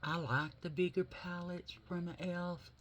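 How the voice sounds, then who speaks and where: A man's voice: high voice, fairly even intonation, normal speed, a bit bright, a little hiss or hum. A man vlogging casually while doing his makeup, rambling and swearing easily, with whispered asides.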